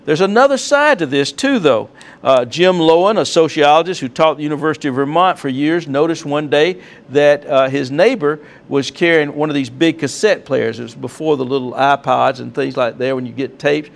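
Male lecturer, fairly high-pitched, mixes read passages with offhand remarks. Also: fairly quick, creaky. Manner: reads from notes, adds asides with fillers. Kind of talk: classroom lecture with slides.

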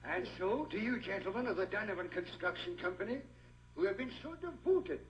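A man's voice: sits high, expressive, a little fast, a little hiss or hum. An actor playing a man who gives a sardonic, theatrical toast at a company dinner, in 1940s film style. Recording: dull roomy old film soundtrack with loud music.

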